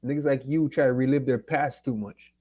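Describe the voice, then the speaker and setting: A man's voice: medium pitch, fairly quick, highs cut off. A man from Jamaica hosting his channel, ranting with profanity and repeating himself, tipsy from liquor and weed. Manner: profane, annoyed, repetitive ranting. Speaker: channel host. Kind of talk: livestream rant.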